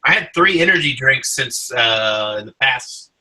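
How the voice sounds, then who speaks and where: Pumped-up guy cracking jokes on a stream, bouncy and a bit raspy. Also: mid-range voice, expressive, unhurried, pushed and bright, low-quality recording. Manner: hyped-up, joking. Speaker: stream guest. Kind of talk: casual stream chat.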